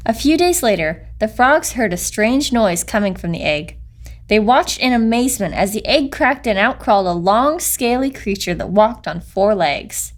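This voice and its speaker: Expressive woman reading a children's book. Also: medium pitch, unhurried. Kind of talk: reading a picture book aloud. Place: recording studio.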